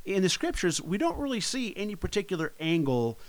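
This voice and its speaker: A man's voice: high voice, sing-song, fairly quick. A man co-hosting a casual Bible-teaching podcast, talking in a conversational way and often restarting his sentences. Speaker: podcast co-host.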